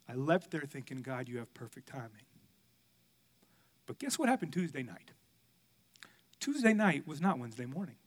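A male pastor preaching a sermon, telling a candid personal story, swinging from loud outbursts to hushed, quiet passages. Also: fairly high pitch.

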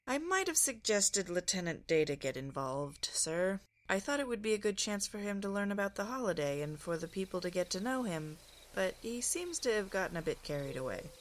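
A woman's voice: mid-range voice, sing-song, brisk, voice pushed up, lightly acted. A woman voicing a friendly, slightly sheepish male engineer officer.

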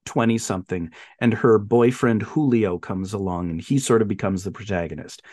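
A man co-hosting a podcast, chatting casually about films and retelling plots with animated storytelling and quick silly voices for the characters. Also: lowish voice, no echo, studio quality. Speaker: podcast co-host. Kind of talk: casual film chat.

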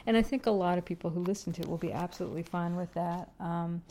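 Woman host for a solo home podcast. Low, warm voice. Rambling, self-mocking chat. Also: quick pace. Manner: rambling, chatty, self-deprecating.

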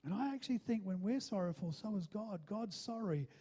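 Warm with a breathy edge, a pastor's medium-pitched voice sounds animated and brisk during his sermon. He drives home each point emphatically and frequently asks listeners if they're with him.

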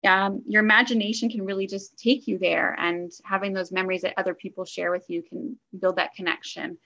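A woman's voice: mid-range voice, fairly even intonation, fairly quick, few pauses, sharp tone, muffled recording. A woman from Canada co-hosting a book podcast, chatting enthusiastically and rambling with fillers and asides. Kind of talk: casual book review chat.

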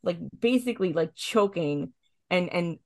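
Chatty woman hosting a podcast, lowish voice. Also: lively intonation, a little slow. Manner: chatty, filler-heavy, swears freely. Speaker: podcast host. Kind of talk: casual podcast recap chat.

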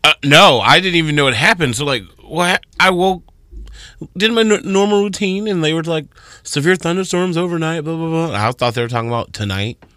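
Bright, playful male radio co-host. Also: on the high side, expressive, no echo, clean studio sound. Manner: playful, jokey banter with quick reactions. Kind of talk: casual morning radio chat. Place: radio studio. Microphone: studio microphone.

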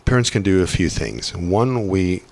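A man's voice: sits low, expressive, normal speed, a little mellow. A man, a parent and podcast guest, explaining his views earnestly in a reflective conversational way, often restarting his sentences. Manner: earnest, thinks aloud with restarts.

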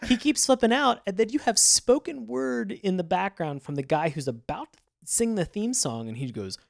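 A man co-hosting a podcast in casual chat, rambling and animated, laughing often. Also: high-pitched, moderate pace, gravelly, no room sound, studio quality. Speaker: podcast co-host.

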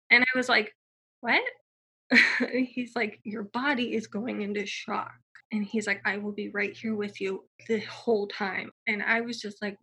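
A woman's voice: mid-range voice, bright, forceful tone, husky. A young woman telling her personal story in a casual, chatty way, full of fillers and acted-out quotes.

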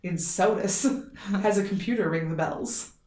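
A woman's voice: mid-range voice, measured pace, darkish tone. An American woman co-hosting a podcast, chatting casually and reading listener stories aloud with playful asides. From United States. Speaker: podcast co-host. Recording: roomy echo.

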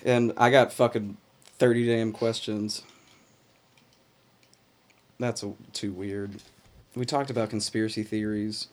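A man's voice: lowish voice, steady tone, measured pace, pauses often, a little mellow. A man hosting a casual chat, reading questions out to his guests.

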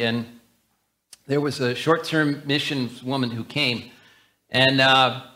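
A man's voice: medium pitch, pushed and bright. A man preaching a sermon as a church elder, in an earnest, conversational way with frequent restarts.

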